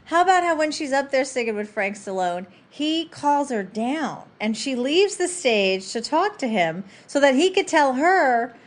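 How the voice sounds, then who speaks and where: A woman's voice: high voice, big pitch swings, measured pace, hardly any pauses. A woman co-hosting a podcast in a casual movie-review chat, chatty, agreeable and teasing. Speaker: podcast co-host.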